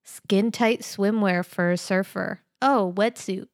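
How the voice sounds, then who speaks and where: A woman's voice: medium pitch, slow pace, few pauses, no echo, clean studio sound. A woman co-hosting a casual chat about crossword puzzles, playful, laughing often and swearing casually. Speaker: podcast co-host.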